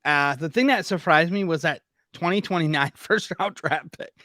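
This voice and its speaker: A man guesting on a sports podcast, talking quickly and stumbling over his words. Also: a little high, pushed and bright, no room sound, studio quality. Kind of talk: casual sports talk.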